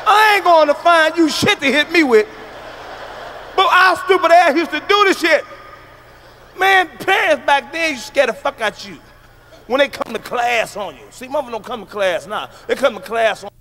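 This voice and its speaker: A middle-aged man from the United States doing a loud, profane stand-up comedy routine on stage, telling punchy stories. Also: extremely high pitch, lively intonation, normal speed, a little hiss or hum. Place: stage before a live audience.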